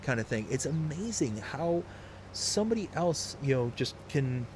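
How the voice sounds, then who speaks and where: A man's voice: medium pitch, big pitch swings, moderate pace, noisy background. Upbeat rambling male streamer. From US South. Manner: upbeat, rambling, reads chat aloud. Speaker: livestream host. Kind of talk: casual live-stream chat.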